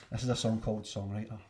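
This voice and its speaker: A man's voice: lowish voice, warm tone. A man with a Glaswegian accent, a singer-songwriter chatting casually between songs, rambling and self-deprecating. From Scotland. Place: home studio. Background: acoustic guitar.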